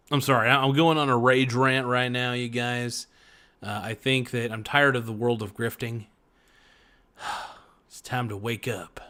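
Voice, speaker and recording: A man's voice: mid-range voice, bright, forceful tone. Guy ranting on his podcast, sarcastic, swears a lot, medium voice. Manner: profane, sarcastic, mocking voices. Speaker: podcast host. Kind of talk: ranting commentary.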